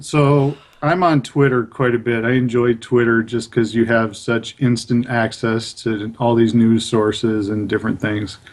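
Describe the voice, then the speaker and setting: A young man co-hosting a podcast in relaxed chat, at a middle pitch. He talks in a conversational, measured way and qualifies his points as he goes. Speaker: podcast co-host. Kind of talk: casual chat.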